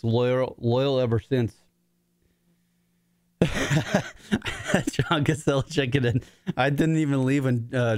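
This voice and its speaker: A man's voice: mid-range voice, a little mellow, no room sound. A middle-aged man hosting a talk show, rambling with lots of swearing, emotional and with his voice cracking. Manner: rambling, profane, choked up. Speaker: podcast host. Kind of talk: emotional casual monologue.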